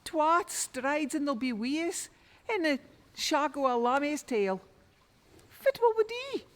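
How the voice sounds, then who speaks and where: A woman's voice: sits high, very animated, slow pace, pitched above the performer's own voice, heavily acted. A woman with a Doric Scots accent voicing a plucky young crofter lad, muttering worriedly to himself. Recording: long reverb.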